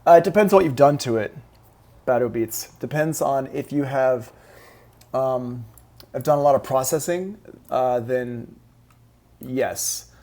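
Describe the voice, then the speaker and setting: A man's voice: medium pitch, a little slow, long pauses, mellow. A man teaches music production in a live-streamed online class. His voice sits in a plain middle range. He explains each step in a casual, upbeat way.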